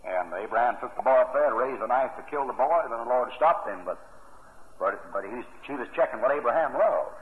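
A man's voice: medium pitch, animated, brisk. A man preaching a sermon in a folksy, conversational way, mixing scripture with homely humor. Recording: tinny phone-like old sermon tape.

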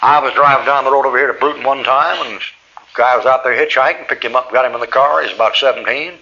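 A man's voice: medium pitch, quick pace, sharp tone, highs cut off. A man preaching a sermon, telling a personal story in a folksy way and acting out both sides of each conversation.

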